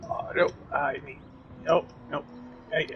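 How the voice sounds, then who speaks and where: A man's voice: a little high, steady tone, slow, lo-fi sound, a little hiss or hum. A man chatting on a gaming stream, rambling through long explanations over voice chat. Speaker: streaming guest.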